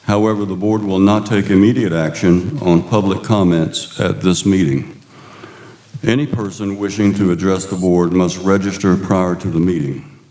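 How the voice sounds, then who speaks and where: Deep-voiced man chairing a board meeting. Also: fairly even intonation, mellow. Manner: formal, measured. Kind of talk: reading meeting procedures. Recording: echoey meeting room.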